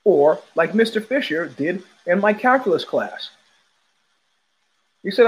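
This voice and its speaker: A man's voice: high-pitched, expressive, unhurried, slightly rough, rough recording. A man from New York hosting a podcast in a rambling, digressive monologue full of tangents and restarts. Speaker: podcast host. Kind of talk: casual monologue.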